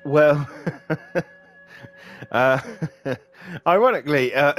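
A man's voice: medium pitch, unhurried, a bit bright, soft background music. A man rambling and joking as he commentates a video game, swearing and laughing often. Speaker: gaming channel host. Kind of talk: let's play commentary.

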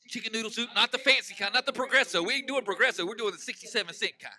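A pastor preaching a sermon, swinging between loud emphatic declarations and hushed asides, and stretching key phrases out slowly. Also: male voice, sits high, poor audio.

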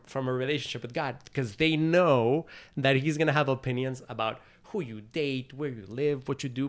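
A man being interviewed as a guest, telling a personal story in a loose, casual way full of "like" and "you know.". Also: mid-range voice. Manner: acts out his own past thoughts in quotes. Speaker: interview guest, TV host and producer.

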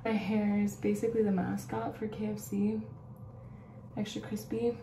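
A woman's voice: mid-range voice, flat delivery, moderate pace, background noise. A young woman vlogging casually at home as she gets ready, chatty and rambling, often laughing. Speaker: beauty vlogger. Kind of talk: casual get-ready-with-me chat. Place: at home, in her room and closet. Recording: roomy echoey room.

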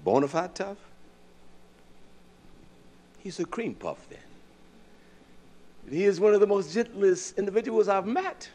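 A man preaching a sermon in a conversational way, swinging from hushed asides to loud bursts and asking his listeners questions he answers himself. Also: high-pitched, very animated, unhurried, long pauses. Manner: asks the congregation questions and answers them himself.

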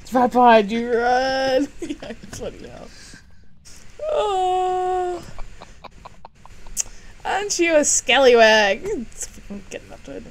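A young woman talks through a live game stream in a high, very lively voice that leaps up and down. She takes her time between remarks, jumps at scares and laughs easily. A faint hiss sits under the recording. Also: slow, pauses often. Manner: chatty, easily startled, laughs often. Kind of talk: live gaming commentary.

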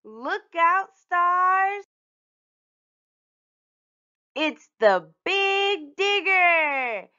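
Storybook little girl, high and eager, loud exclamations, read by a woman. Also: expressive, slow, highs cut off, heavily acted. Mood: excited. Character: excitable little girl who loves trucks.

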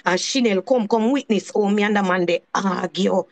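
A woman's voice: mid-range voice, moderate pace. A woman with a Jamaican accent telling a heated, repetitive story on a live stream, swearing in patois as she vents about a falling-out. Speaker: channel host.

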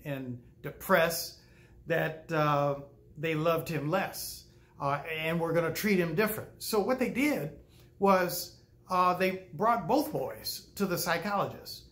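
An older male pastor with a fairly high voice preaches through a folksy story. He pauses often and acts out the people he quotes, with lively shifts in delivery. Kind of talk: storytelling sermon.

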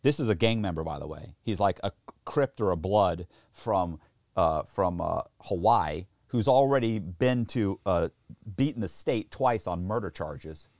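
A man with a fairly low voice tells a long, profane story as a podcast guest. He is animated and throws in impressions, going up to high squeaks and down to low mumbles. The close mic sound is dry, with no room around it. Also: a little slow, no echo. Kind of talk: storytelling in casual chat.

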